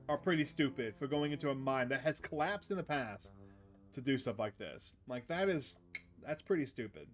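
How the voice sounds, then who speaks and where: A man's voice: mid-range voice, big pitch swings, brisk, faint music behind. A man playing a horror visual novel and reacting with jokes and dramatic lines. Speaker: gaming streamer. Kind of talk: let's play commentary.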